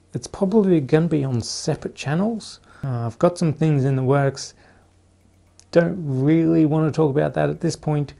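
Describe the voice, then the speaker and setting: Guy chatting in his room, kinda gravelly, laid back and rambly. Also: mid-range voice. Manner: rambling, relaxed, with fillers. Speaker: YouTuber. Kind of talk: casual vlog chat. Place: small room at home.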